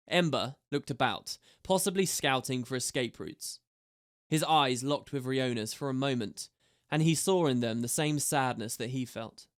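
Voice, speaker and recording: A man reading a fantasy audiobook aloud with steady, measured narration. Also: on the high side.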